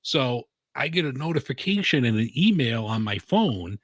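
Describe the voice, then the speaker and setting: A man's voice: mid-range voice, sing-song, normal speed, no room sound. A man hosting a casual talk show, telling rambling stories full of "like" and casual swearing. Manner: rambling storyteller, heavy on filler "like", swears casually. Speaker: show host. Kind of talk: casual chat.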